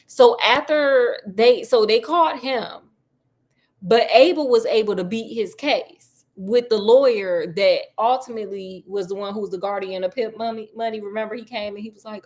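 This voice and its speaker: A woman's voice: medium pitch, moderate pace, a little mellow. A woman host retelling a classic novel in casual chat, slangy and joking, with plenty of asides. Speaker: storyteller host.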